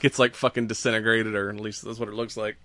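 Podcast co-host, male: bright tense tone, dry close sound, loose profane rambling. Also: lowish voice, flat delivery, quick pace, dry recording. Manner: rambling, profane, laughs often. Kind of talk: casual chat.

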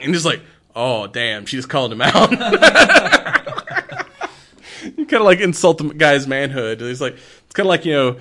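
A middle-aged man with a bright, forward tone, chatting loosely about an old film. He keeps laughing and slips into quick voices for the characters he retells. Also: on the high side, very animated. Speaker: movie podcast co-host. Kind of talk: casual chat.

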